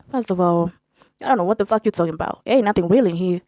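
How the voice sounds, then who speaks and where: A young woman telling a story in a blunt, profane, animated way as a storytime vlogger. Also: on the low side, fast talker, dry recording. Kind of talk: casual storytelling.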